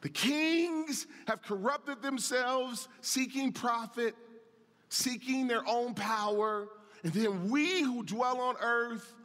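A man's voice: very high-pitched, slow pace. A man preaching a sermon as pastor, calling out to the congregation and reading scripture. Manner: animated preaching, calls out to the congregation; reads and comments on scripture. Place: church sanctuary. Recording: long reverb of a large hall.

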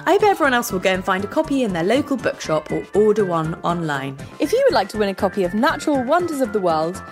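Lively woman hosting a children's podcast. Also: mid-range voice, quick pace, faint music behind. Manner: bright, lively, expressive delivery. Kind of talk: scripted narration for children.

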